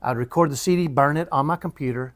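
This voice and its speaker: Man, podcast co-host, casual storytelling, slightly high voice, animated. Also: fast talker. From Dallas area, Texas. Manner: animated storyteller, mimics fax beeps.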